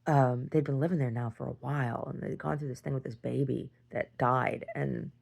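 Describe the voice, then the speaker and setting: A woman recording a personal video diary, telling a story in a rambling way and rising in pitch as she relives a fight. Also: steady tone, moderate pace, vocal fry, darkish tone. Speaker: video diarist.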